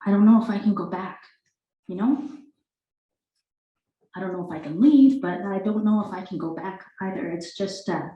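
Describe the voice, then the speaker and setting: A woman reading the part of a weary, tearful mother, halting and apologetic, in an echoey room at a live reading. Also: medium pitch, dark tone, far from the mic, highs cut off, natural voice. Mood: weary rambling. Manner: halting, apologetic, breathy sighs. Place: live reading event indoors.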